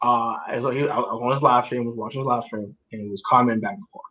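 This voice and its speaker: A man's voice: medium pitch, fairly even intonation, fast, lo-fi sound. A man co-hosting a casual sports talk show, telling stories emphatically and repeating himself for effect. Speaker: podcast co-host.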